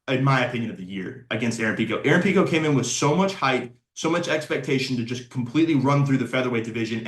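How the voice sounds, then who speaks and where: A young man hosting casual opinion commentary on fighters, excitable, blunt and full of slang. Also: mid-range voice. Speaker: sports commentator and channel host. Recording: roomy echo.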